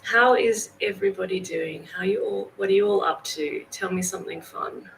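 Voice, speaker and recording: Broadcasting from her home in northern Thailand, an Australian woman hosts a casual livestream and greets viewers by name. Her mid-range voice is gravelly and moves at a normal speed. The low-quality recording carries a little hiss or hum.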